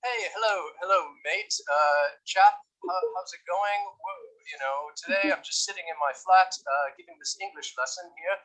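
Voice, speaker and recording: A man's voice: high-pitched, normal speed, a bit bright, low-quality recording. A man putting on a hammy fake British accent. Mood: jokey. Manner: over-the-top, hammy.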